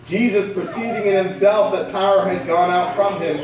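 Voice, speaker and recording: A man's voice: high-pitched, fairly even intonation, normal speed, vocal fry, crowd noise. A man preaching a sermon to his congregation in a conversational way, often asking rhetorical questions. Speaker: pastor. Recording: echoey hall from far off.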